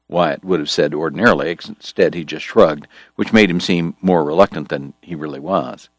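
Low-voiced male narrator, lively intonation, dry close recording, storytelling read. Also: vocal fry, no echo. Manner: measured, storytelling. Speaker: audiobook narrator. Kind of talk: scripted narration.

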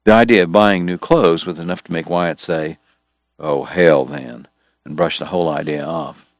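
A man reading a story aloud in a measured storytelling manner, voicing the characters. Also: low voice, steady tone, no echo, clean studio sound. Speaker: audiobook narrator. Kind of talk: scripted narration.

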